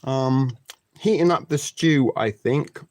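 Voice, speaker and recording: A man's voice: mid-range voice, slow, darkish tone. A man in his forties hosting a live stream, chatting casually and crudely joking with his viewers. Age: 40s. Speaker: livestream host.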